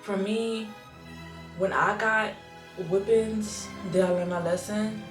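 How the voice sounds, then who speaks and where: A woman's voice: medium pitch, fairly even intonation, slow pace, reverberant, over music. A woman in her thirties, a mother and vlogger, talking earnestly to camera and thinking aloud with restarts and repeated phrases. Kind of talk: casual reflective talk to camera.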